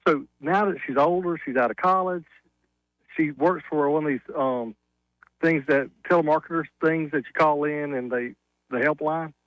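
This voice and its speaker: A man's voice: fairly high pitch, moderate pace, fairly bright tone, dry recording, lo-fi sound. A man with a Southern accent, a flooring business owner calling in to a radio talk show, telling a story in a folksy, chatty way and laughing at himself. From Alabama. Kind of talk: casual radio call-in chat.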